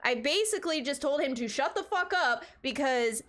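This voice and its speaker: A woman's voice: high-pitched, expressive, normal speed, fairly bright tone. A woman streamer telling a story in a heated, profane, emphatic way. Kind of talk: casual storytelling rant.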